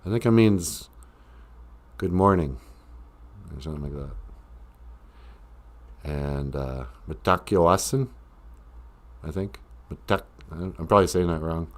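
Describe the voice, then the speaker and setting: A man's voice: deep voice, expressive, a little slow, pauses often. A man hosting a casual live stream, reading viewer comments aloud and rambling through jokes, laughing often.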